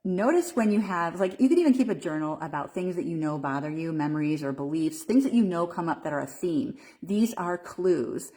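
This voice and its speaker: A woman's voice: fairly low pitch, lively intonation, a little fast, few pauses, mellow. A woman coaching viewers during a live video stream, talking casually with frequent fillers and restarts. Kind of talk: Facebook Live talk.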